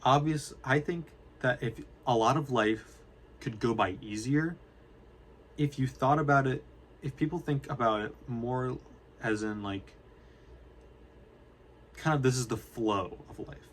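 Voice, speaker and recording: Young man, student vlogger, mid-pitched, rambling casual talk, restarts a lot, drops slang. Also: a little slow, long pauses. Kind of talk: casual unscripted talk to camera.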